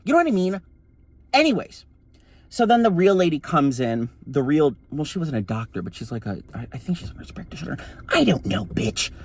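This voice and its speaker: A man's voice: on the high side, big pitch swings, brisk. A man telling a story in a campy, sassy, profane way, his voice often taken for a woman's. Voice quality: voice read as feminine. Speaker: vlogger. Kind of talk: casual storytelling vlog.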